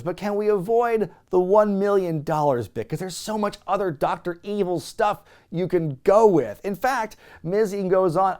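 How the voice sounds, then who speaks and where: Man, wrestling recap host, lively swooping voice, slightly high, jokey, acts out quotes. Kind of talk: casual recap commentary.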